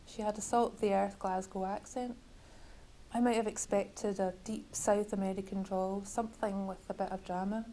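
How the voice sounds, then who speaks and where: Woman author, measured bookshop reading, level even delivery. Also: medium pitch, a little hiss or hum, low-quality recording. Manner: measured, literary reading with wry asides. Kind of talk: reading from her novel.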